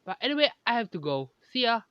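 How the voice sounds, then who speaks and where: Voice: medium pitch, very animated, fast, smooth, no echo, dull audio, natural voice. A narrator voicing an eager, polite young hero boy who stumbles as he talks. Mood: cheerful. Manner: hesitant, stumbling speech.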